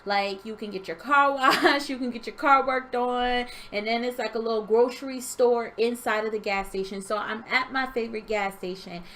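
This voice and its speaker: A young woman telling a story from her dream in an animated, expressive way, acting out sounds. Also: fairly high pitch, moderate pace, few pauses. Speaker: vlogger. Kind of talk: storytelling vlog.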